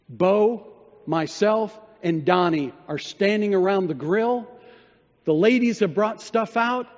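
A man preaching a sermon, telling a story and dropping low and quiet when he quotes others. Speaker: pastor. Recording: dull sound in a reverberant hall.

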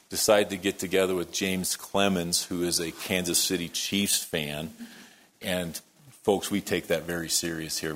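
A man preaching a sermon, telling a story that moves between quiet, hushed lines and loud, worked-up ones. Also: low voice, a little hiss or hum. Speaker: pastor.

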